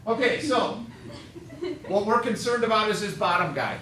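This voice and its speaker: A man's voice: high-pitched, expressive, normal speed, long pauses, a bit bright, a little hiss or hum. A male math teacher lecturing a class, quizzing students with upbeat joking asides. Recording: echoey classroom, mic far off.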